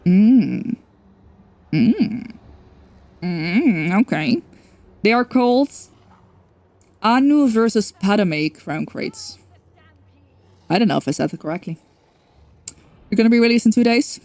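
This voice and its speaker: A woman's voice: medium pitch, sing-song, slow, pauses often, a little mellow, no room sound. A young woman streaming a game, chatting casually and rambling, correcting herself and swearing now and then. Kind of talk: casual livestream chat.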